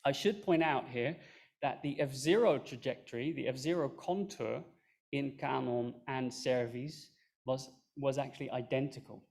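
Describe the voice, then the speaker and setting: Gravelly-voiced man giving a research talk. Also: medium pitch, normal speed, a little mellow. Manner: explanatory, with fillers and self-corrections. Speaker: conference speaker. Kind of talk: academic talk.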